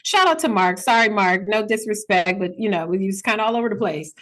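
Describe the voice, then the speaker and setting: A woman co-hosting a boxing talk show with a mid-pitched voice. Her talk is colloquial and playful, full of teasing asides to the audience. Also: animated, brisk, a bit bright. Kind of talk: casual chat.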